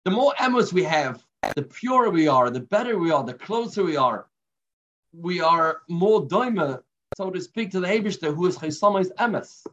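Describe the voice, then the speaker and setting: A man giving a daily religious lesson as a rabbi, telling stories in an earnest, unhurried way. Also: high-pitched, expressive, fairly bright tone, a little hiss or hum. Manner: earnest, unhurried storytelling teacher. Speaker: rabbi teaching a daily class. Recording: muffled lo-fi recording.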